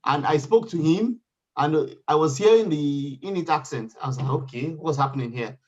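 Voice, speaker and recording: Man, panel guest, animated storyteller, fairly high voice, dull lo-fi recording. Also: normal speed. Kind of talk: casual panel chat, personal story. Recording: dull lo-fi sound.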